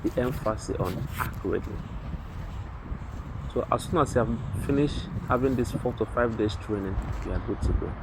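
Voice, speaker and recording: A man's voice: fairly low pitch, normal speed, background noise. A young man, the host of a channel, walks through construction careers in an informal spoken tutorial, methodical and repeating key points for emphasis.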